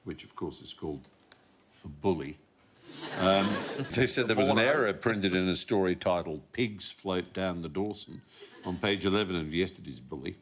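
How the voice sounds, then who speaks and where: A man's voice: low-pitched, moderate pace, a little hiss or hum. A man hosting a quiz show, telling comic anecdotes and putting on voices with theatrical flair. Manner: theatrical, plays the voices in his anecdotes with lively swings. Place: television studio with audience.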